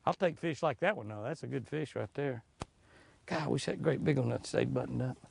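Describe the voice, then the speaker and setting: A man's voice: mid-range voice, a little fast, creaky, slightly rough. A man hosting a fishing show from a boat on a lake, exclaiming over each catch, chuckling, and talking to himself. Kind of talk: excited fishing commentary.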